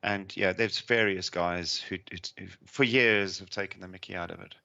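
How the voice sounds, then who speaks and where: A middle-aged man speaks with a mild South African accent, pitched a little low with a bright, forceful edge. He tells stories wryly and keeps restarting phrases in a relaxed chat. The sound is dry and close. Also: moderate pace, gravelly, no echo, dull audio. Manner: wry, storytelling, restarts phrases. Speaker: podcast co-host. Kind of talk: casual chat.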